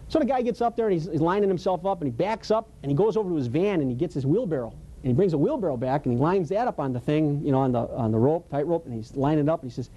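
Preacher, male, high mellow voice, casual and emphatic sermon delivery. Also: expressive, fast, dull audio. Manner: storytelling, emphatic, colloquial, laughs often. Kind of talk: conversational sermon.

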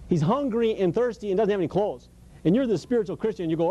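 A man's voice: sits high, lively intonation, quick pace, dark tone. A man preaching a Bible study in a conversational, emphatic way, telling stories and laughing as he goes. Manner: storytelling, emphatic, colloquial, laughs often. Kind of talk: conversational sermon.

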